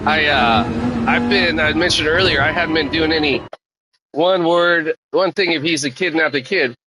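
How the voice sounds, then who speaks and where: A man's voice: a little high, moderate pace, very noisy. A man streaming a sim race, rambling in casual, profane, slang-heavy commentary. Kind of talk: casual commentary while racing.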